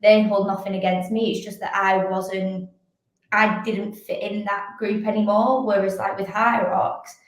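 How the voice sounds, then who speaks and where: A woman's voice: medium pitch, level tone, measured pace. Chatty woman in an echoey room. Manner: chatty, fills speech with "like". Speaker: podcast guest, fitness coach and athlete. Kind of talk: candid casual chat.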